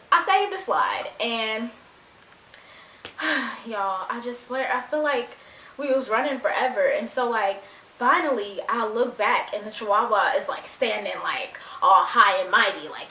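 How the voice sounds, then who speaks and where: Animated young woman telling a story. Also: on the high side. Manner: animated, addresses viewers as y'all, acts out quotes. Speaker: vlogger. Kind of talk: casual storytime. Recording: echoey room.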